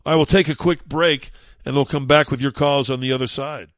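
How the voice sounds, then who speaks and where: A man's voice: mid-range voice, fairly even intonation, fairly quick, a bit bright, dry recording, clean studio sound. A man hosting a talk radio show, delivering a sarcastic, combative opinion monologue.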